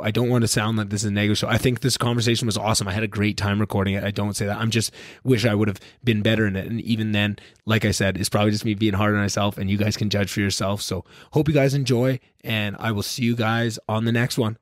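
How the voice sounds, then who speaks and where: Young male podcast host; fast, rambling, self-deprecating delivery; low voice; dry close recording. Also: little pitch movement, dry recording. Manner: rambling, self-deprecating, many fillers and restarts. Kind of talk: casual podcast chat.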